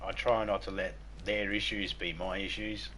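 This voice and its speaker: Deep-voiced and level in tone, an Australian gaming streamer talks at a moderate pace with a pushed, bright quality. He chats casually on a live game stream, full of crude, profane joking banter, while a little hiss or hum sits in the recording.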